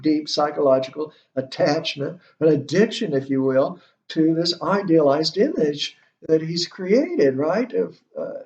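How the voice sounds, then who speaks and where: A man's voice: fairly high pitch, darkish tone, lo-fi sound. A male instructor giving a literature lecture, thinking aloud with many fillers and rhetorical questions.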